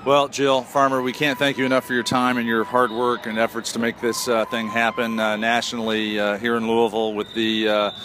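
A man's voice: mid-range voice, level tone, a little fast, few pauses, noisy background. Chatty male host with a Northern US accent. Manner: chatty, upbeat, many fillers. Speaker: show host. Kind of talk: casual interview.

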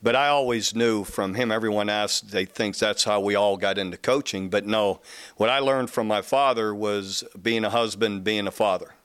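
Smooth-voiced earnest male coach. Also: fairly low pitch, fairly even intonation, a bit bright, dry recording. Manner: earnest, halting restarts. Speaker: college football coach. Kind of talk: interview answers.

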